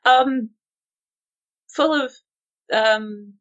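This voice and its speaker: A woman's voice: high-pitched, extremely slow, fairly bright tone, highs cut off. A woman playing a tabletop role-playing game who laughs often and trails off in her lines. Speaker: player. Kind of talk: casual tabletop play.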